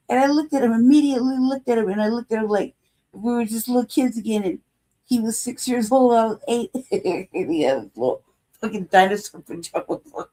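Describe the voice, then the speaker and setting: A woman's voice: fairly high pitch, fairly quick, dark tone. A woman hosting a casual livestream, rambling through a personal story, laughing often and swearing freely. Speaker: livestream host.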